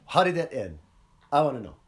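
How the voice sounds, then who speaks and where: A man's voice: fairly high pitch, big pitch swings, fairly quick. A man hosting a casual podcast, chatting about movies, acting out scenes in funny voices and laughing often. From Hawaii. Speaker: podcast host.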